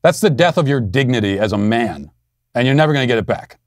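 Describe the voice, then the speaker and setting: A man's voice: mid-range voice, animated, fast, dry recording, clean studio sound. A man in his thirties hosting an opinion podcast, talking in a defiant, sarcastic and emphatic way. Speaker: podcast host. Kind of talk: opinion commentary monologue.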